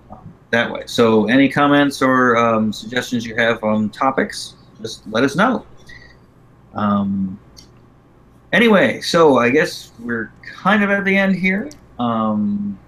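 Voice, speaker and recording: A man hosting a casual live-stream show, talking in a halting way with many ums and uhs. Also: mid-range voice, a bit bright, poor audio. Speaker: host of a lightsaber school's live show.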